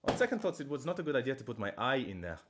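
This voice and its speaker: A man's voice: mid-range voice, sing-song, racing, background noise. A man speaking English in a put-on French accent, chatting casually on a live stream in a rambling, playful, self-mocking way from his home. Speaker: streamer and voice actor. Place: at home, indoors.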